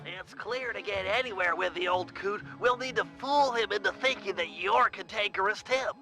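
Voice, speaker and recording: A fussy, cautious turtle sidekick from a video game, keeps lecturing the team on how to stay safe. The voice sits high and very bright, with a quick, instructive edge. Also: male voice. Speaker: game character. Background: game music.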